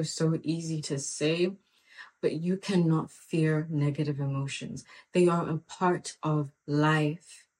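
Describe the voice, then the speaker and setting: A woman hosting a podcast, giving a spirited motivational monologue in a preachy, emphatic way, repeating phrases for emphasis and breaking into excited outbursts. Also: on the low side. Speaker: podcast host.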